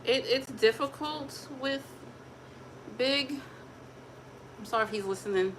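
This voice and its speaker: A woman's voice: high voice, measured pace, slight background noise, rough recording. A young woman vlogging at home, talking casually and animatedly to her viewers and laughing now and then. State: pregnant. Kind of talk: casual chat to camera.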